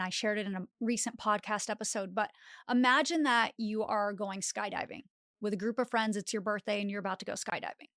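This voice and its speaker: A woman's voice: medium pitch, a bit bright, dry recording, studio quality. A young woman hosting a self-help podcast, talking animatedly and acting out little inner voices, with many "like" fillers. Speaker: podcast host. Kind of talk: motivational self-help monologue.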